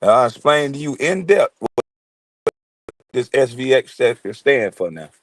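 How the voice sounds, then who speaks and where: A man's voice: medium pitch, big pitch swings, measured pace. A man, hosting a casual livestream and bantering loosely with chat, swearing and laughing. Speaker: livestream host.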